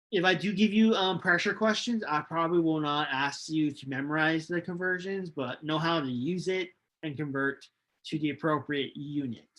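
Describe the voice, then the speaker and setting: A male chemistry lecturer giving a recorded online lecture, unhurried and hesitant, with many ums and restarts. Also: fairly high pitch, fairly bright tone. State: losing his voice, coughing.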